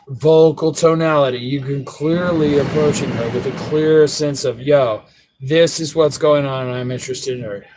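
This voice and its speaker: A blunt, foul-mouthed male dating coach talks in a slightly high voice, switching into quick acted-out exchanges with women. His voice has a little background noise under it. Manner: crude, blunt, profane; acts out both sides of bar conversations. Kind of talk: casual instructional talk.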